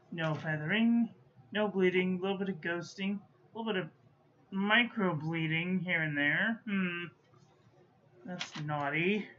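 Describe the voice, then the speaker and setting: A woman's voice: on the low side, a bit bright. A woman giving a casual stationery review, muttering to herself and playfully scolding as she goes. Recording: dull lo-fi audio with faint background noise.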